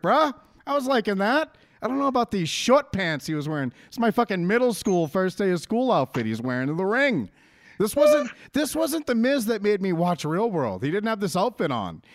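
Brash, ranting high-voiced man. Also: no room sound, studio quality. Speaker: podcast co-host. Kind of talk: casual profane wrestling chat.

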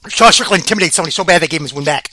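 A man hosting a sports podcast, chatting in a rambling, excitable way and laughing often. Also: fairly high pitch, rapid-fire, no room sound. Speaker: podcast host. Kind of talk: casual rambling sports chat.

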